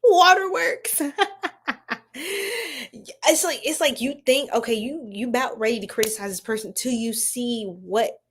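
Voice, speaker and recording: A woman's voice: on the high side, a little slow, long pauses, husky. A young woman doing a casual livestream tarot reading, giggling often and talking in loose slang to her viewers.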